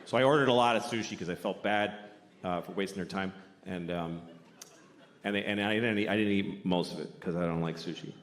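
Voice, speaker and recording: A man's voice: deep voice, fairly quick. A man performing a stand-up comedy set on stage, talking bluntly and profanely in a loose, conversational way with exaggerated rants. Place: theater stage before a laughing audience. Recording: reverberant live hall with crowd noise.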